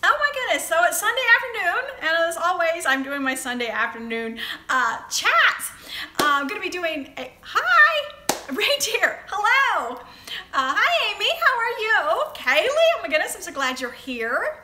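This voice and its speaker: A woman's voice: very high voice, very animated, normal speed, background noise. A middle-aged woman with a Southern US accent hosting a casual livestream chat, chatty and greeting viewers by name. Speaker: livestream host. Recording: echoey room.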